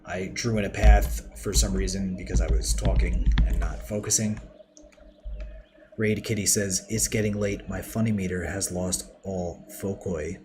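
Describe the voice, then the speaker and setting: Man with a very deep voice streaming a build game, chatty and rambling, with keyboard and mouse clicks and background noise behind him. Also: fairly even intonation, a little slow. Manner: rambling, chatty, talks to chat. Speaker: livestreamer. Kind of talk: casual game livestream commentary. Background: keyboard typing and mouse clicks.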